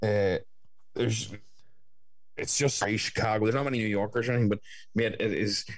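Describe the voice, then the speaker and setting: A man's voice: fairly low pitch, steady tone, normal speed, dry recording. A young man, telling stories in a casual chat and swearing often. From Ireland. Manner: storytelling, swearing, doing voices of others.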